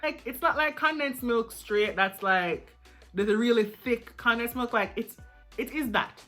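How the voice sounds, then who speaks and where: A young woman chatting casually in a vlog about her student life, animated and prone to repeating herself. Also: a little high, measured pace, soft background music. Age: young adult. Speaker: student vlogger.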